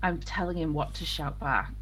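A player in a tabletop western game who thinks aloud about her character's moves, unhurried and quick to laugh. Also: medium pitch, steady tone, bright, forceful tone, slight background noise.

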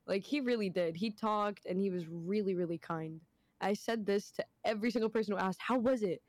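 A young woman guest in a casual podcast chat, animated and slangy, often laughing. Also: mid-range voice, brisk, dry recording.

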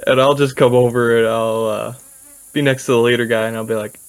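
A man playing a tabletop game, easygoing and unhurried as he describes what his character does. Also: medium pitch, little pitch movement, low-quality recording. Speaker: player. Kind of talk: casual tabletop play.

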